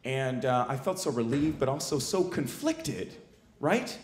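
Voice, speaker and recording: A man doing stand-up comedy, telling a story in a brash, animated, self-mocking way. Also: mid-range voice, a little slow, roomy sound, a little hiss or hum.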